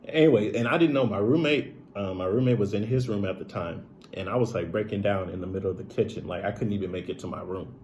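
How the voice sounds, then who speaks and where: A man's voice: fairly low pitch, quick pace, hardly any pauses, darkish tone, a little hiss or hum. A man retelling a painful personal story in a casual, emotional, profane way, full of "like" and "bro". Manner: emotional, profane, filler-heavy, says "bro" often.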